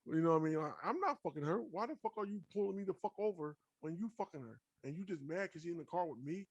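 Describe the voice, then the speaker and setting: Young male host, fairly high voice, dry close sound, cussing through animated stories. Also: quick pace, slightly rough, dry recording, dull audio. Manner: profane, animated anecdote telling. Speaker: podcast host. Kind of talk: casual storytelling.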